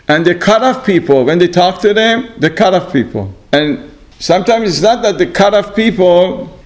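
A man teaching an informal religious class to a small group, talking in loose, repetitive phrases full of "you know" and sometimes dropping to a soft, low voice for asides. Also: rough recording. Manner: repetitive, many "you know" fillers, acts out exchanges.

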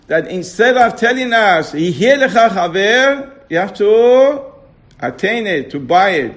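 A man teaching an informal religious class. He keeps quizzing his listeners with questions and slows down to stress key words. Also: high voice, vocal fry, a bit bright, slight background noise.

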